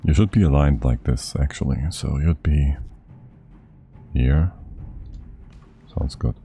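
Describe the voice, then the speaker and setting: A man's voice: extremely low pitch, slow pace, warm tone, faint music behind. A man streaming a game live, thinking aloud and talking to himself in a slightly out-of-breath, casual way. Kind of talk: casual live-stream commentary while playing.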